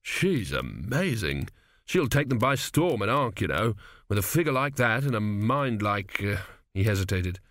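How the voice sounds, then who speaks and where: A man's voice: on the low side, big pitch swings, a little slow, a bit bright. A man voicing a chatty young merchant's son who rambles on eagerly about business, in an audiobook. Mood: flustered. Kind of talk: audiobook character voice.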